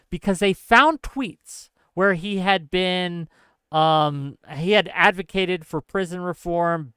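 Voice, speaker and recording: A man giving an impassioned political commentary monologue, earnest and lecturing, speaking straight to his audience in fast bursts with heavy repetition. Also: a little high, fairly bright tone, clean tone, no room sound. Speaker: political streamer.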